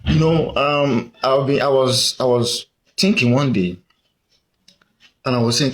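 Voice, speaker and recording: A man's voice: medium pitch, a little slow. A man with a Nigerian accent giving a casual, rambling monologue, full of fillers and questions to the listener. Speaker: commentator.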